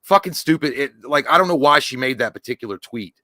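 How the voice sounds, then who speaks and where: A man's voice: mid-range voice, expressive, fast, bright, forceful tone, no echo. A man with a Southern US accent co-hosting a live movie show, talking in crude, rowdy, profane banter.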